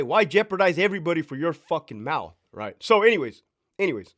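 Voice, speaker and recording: Man in his 30s, former prison sergeant; blunt, profane storyteller, slightly high voice that swings widely in pitch. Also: sing-song, brisk, fairly bright tone. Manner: blunt, profane, emphatic, asks rhetorical questions. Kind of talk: casual storytime monologue.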